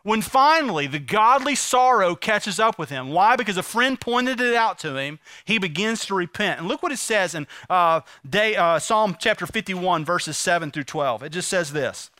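A man delivers a sermon from the pulpit, his voice sitting high and bright. He retells scripture in plain, conversational words and draws the congregation into responding. The sound is close and dry. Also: expressive, normal speed, few pauses, no room sound. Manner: preaching with rising emphasis, paraphrasing scripture conversationally. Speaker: pastor.

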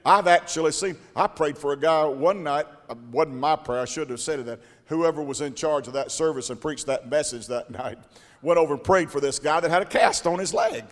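A man preaching in a church sanctuary, his voice sitting high for a man. He stumbles and repeats words as he tells his stories, then swings up into loud, shouted lines. Long reverb trails each phrase around the hall. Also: brisk. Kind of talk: storytelling sermon.

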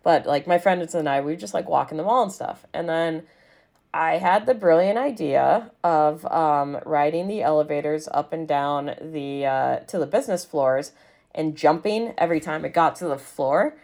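A woman's voice: low-pitched, normal speed, vocal fry, darkish tone. A woman in her thirties from Alaska, a podcast guest telling stories in a casual, giggly way, full of fillers and laughs. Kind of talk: casual storytelling chat.

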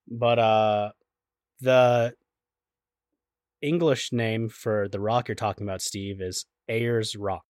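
A man's voice: lowish voice, steady tone, takes it slowly, pauses often, darkish tone, smooth. A wry co-host with a dry sense of humor checks facts and corrects the others. His voice sounds close and dead, with no room echo. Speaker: podcast co-host. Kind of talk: casual chat.

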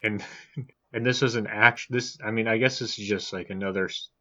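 Low-voiced joking man on a dull mic. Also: fairly even intonation, moderate pace, a crowd in the background. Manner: joking, hedges with "like". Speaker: podcast co-host. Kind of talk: casual chat.

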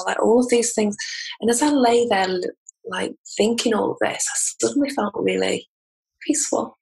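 A woman's voice: a little high, moderate pace, vocal fry, darkish tone, slightly rough, low-quality recording. A woman with an English accent, a podcast guest telling a personal story in a candid, heartfelt way. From England. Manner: candid, heartfelt, laughs between lines. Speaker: podcast guest, transformation coach.

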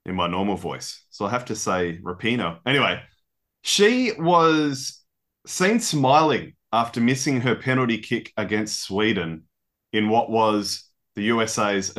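Low-voiced man co-hosting sports chat. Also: moderate pace, fairly bright tone. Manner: chatty, laughs easily, mock-legal banter. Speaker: podcast co-host.

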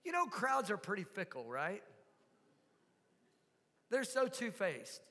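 A man preaching a sermon, telling a story with soft asides and sudden loud shouts. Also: high-pitched, sing-song, slow pace, in a large hall. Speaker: pastor.

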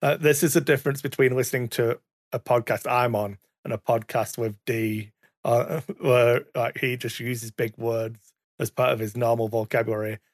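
A man's voice: medium pitch, steady tone, normal speed, no echo, studio quality. A man chatting casually as a podcast co-host, rambling and self-correcting, with the odd swear word. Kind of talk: casual chat. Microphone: studio mic, sometimes too far from it.

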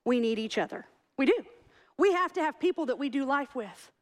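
A middle-aged woman delivers a sermon, her voice riding high. She preaches with animated conviction, acting out the people in her stories. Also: a little fast. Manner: animated, storytelling with acted-out quotes. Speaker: pastor.

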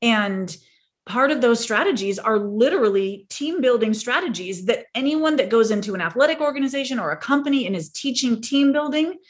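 A middle-aged woman, a parenting and team-building coach, speaking as a guest and telling stories in an earnest, animated way. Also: on the high side. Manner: earnest, animated storyteller who acts out dialogue. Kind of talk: storytelling conversation.

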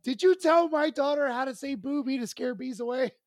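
A man imitating his exasperated sister, scolding loudly with shrill exclamations. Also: a little fast, no echo, studio quality, lightly acted.

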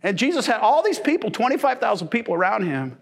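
A middle-aged man preaches from the pulpit, telling funny stories with an animated, playful delivery. His voice sits high and leaps all over the place. The pitch swings widely, and he laughs freely between his points. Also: fast talker, creaky, slightly rough. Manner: animated, humorous storytelling preaching, laughs often. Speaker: pastor. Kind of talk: sermon. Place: church.

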